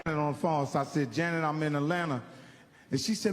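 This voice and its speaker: A man telling profane stand-up stories with a slightly high, laughing delivery, slipping into other people's voices as he goes. His voice rings with long reverb, and steady noise sits under it. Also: brisk. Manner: loud, laughing, acts out voices. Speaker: stand-up comedian. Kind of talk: profane storytelling comedy.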